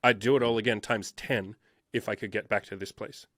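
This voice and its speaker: A man's voice: fairly low pitch, steady tone, a little fast, fairly bright tone, no room sound, clean studio sound. A man, telling his life story as an interview guest in a blunt, emphatic way, swearing often. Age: 30s. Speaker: interview guest, dating coach. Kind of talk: candid personal storytelling.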